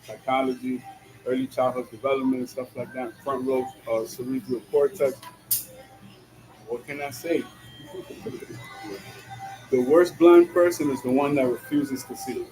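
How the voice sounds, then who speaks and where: A vlogger talks while driving, music playing behind him, in a slangy casual monologue full of "yo" and "you know what I'm saying." He laughs often between lines. His mid-range voice has fairly even intonation, runs a little slow with frequent pauses, and the recording is rough.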